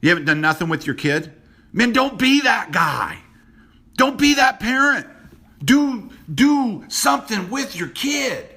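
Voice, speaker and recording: A man hosting a motivational rant to camera, blunt and preachy, repeating himself, dropping low and quiet on personal points. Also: very animated, measured pace. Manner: blunt and preachy, repeats phrases, many restarts. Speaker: host.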